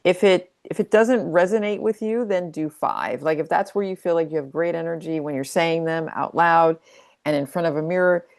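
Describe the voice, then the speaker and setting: A woman's voice: lowish voice, normal speed, darkish tone. A woman who is a creativity coach, talking through her advice in a reflective, conversational way and playing with emphasis. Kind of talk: casual teaching monologue.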